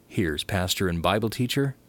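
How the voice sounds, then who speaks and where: A man giving the scripted introduction to a radio program in a lively announcer's delivery. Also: low voice, moderate pace.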